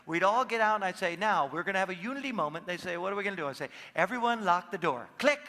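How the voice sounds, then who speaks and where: A seminar speaker gives a live talk in a big hall, his high, bright voice moving fast with lively intonation as he animatedly acts out every person's lines in his stories. Long room reverb lingers behind each word.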